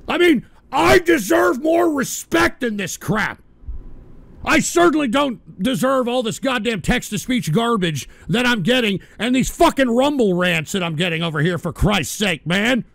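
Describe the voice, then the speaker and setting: High-voiced man ranting and shouting. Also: expressive, measured pace, vocal fry, no room sound. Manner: profane, exasperated, shouts often. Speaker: radio show host. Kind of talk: angry on-air rant.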